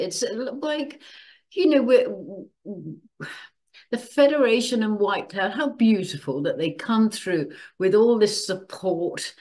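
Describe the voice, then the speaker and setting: A woman's voice: fairly high pitch, takes it slowly, darkish tone. An older woman hosting her channel, chatting casually and emotionally, laughing often as she tells a personal story. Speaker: channel host.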